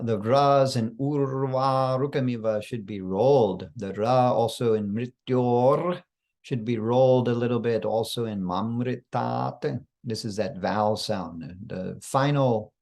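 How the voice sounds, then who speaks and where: A man, a spiritual teacher, giving a slow, careful instructional talk with occasional fillers and throat clearing. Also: mid-range voice, a little mellow. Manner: slow, careful, deliberate explanation.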